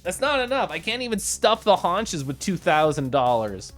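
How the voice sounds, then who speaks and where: A woman's voice: on the low side, very animated, normal speed. A woman streamer chatting casually on a live stream, bubbly and giggly, greeting viewers by name. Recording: faint music behind.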